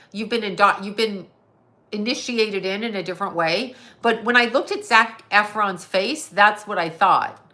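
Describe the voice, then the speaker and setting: Speaking at medium pitch with a pushed, bright quality, a Canadian woman in middle age hosts her livestream as a psychic medium. The talk is casual and tangent-hopping, with plenty of swearing and replies to viewers' comments.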